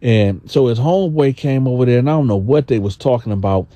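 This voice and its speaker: Man doing storytime, chatty, talks to y'all, warm low tone, dry sound. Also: expressive, brisk, no room sound. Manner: conversational, addresses listeners, repeats words. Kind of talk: casual storytime narration.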